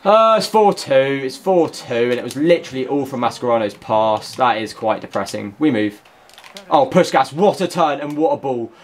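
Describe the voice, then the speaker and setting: A young man giving excitable, jokey live commentary over a football video game, often bursting into shouts. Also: mid-range voice, moderate pace. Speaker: gaming YouTuber.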